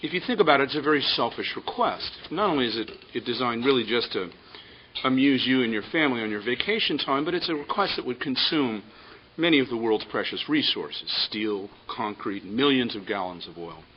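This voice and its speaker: A man voicing God's thunderous voice calling from the sky, speaking calmly and lecturing, on a dull lo-fi recording with faint hiss. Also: medium pitch, brisk, lightly acted. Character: thunderous male voice of God from the sky.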